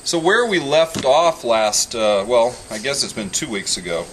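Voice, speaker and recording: A man working as a horse trainer, explaining each step calmly and soothing the animal with repeated praise as he works in an outdoor pen. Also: mid-range voice, measured pace, far from the mic, rough recording. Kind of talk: instructional commentary while working. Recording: outdoors with loud insect noise.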